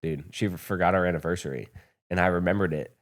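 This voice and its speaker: In a podcast studio, an American man tells his founder story as a guest in a casual storytelling interview, rambling, candid, and profane. His voice is low-pitched and fast.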